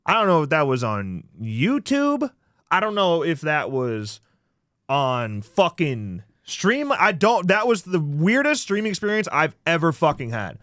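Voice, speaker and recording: A man hosting a casual livestream, ranting profanely about a failed stream, swinging from mutters to shouts. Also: fairly high pitch, wildly swooping pitch, a little slow, dry recording, clean studio sound. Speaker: livestream host.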